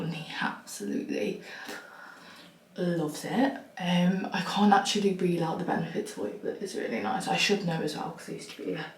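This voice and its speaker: A young woman talks casually into her phone, rambling from one frank aside to the next. Her voice has a roomy ring to it. Clear background noise runs beneath her voice. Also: fairly low pitch. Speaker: lifestyle vlogger. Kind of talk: casual vlog chat to camera.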